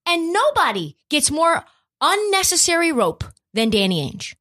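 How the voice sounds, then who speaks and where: A woman's voice: extremely high pitch, sing-song, measured pace, sharp tone. A woman hosting a sports podcast, ranting with profanity and rhetorical questions. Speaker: podcast host. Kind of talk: opinionated sports talk.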